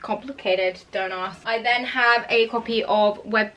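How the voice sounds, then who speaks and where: A woman's voice: a little high, fairly even intonation, unhurried, bright, forceful tone. A young woman, chatting enthusiastically about her book collection, laughing and tripping over names. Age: young adult. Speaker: actor vlogger. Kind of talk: casual chat.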